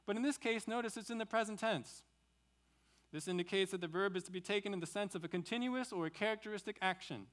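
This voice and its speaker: A male pastor delivers an expository sermon in a fairly high voice that rises and falls in a lively way. He poses rhetorical questions and repeats key phrases for emphasis.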